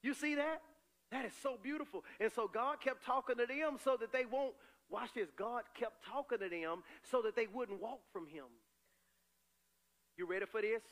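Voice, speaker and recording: A pastor delivers an animated sermon in a high, ringing voice. He talks. He moves between loud, rising calls and low, confiding asides. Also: moderate pace.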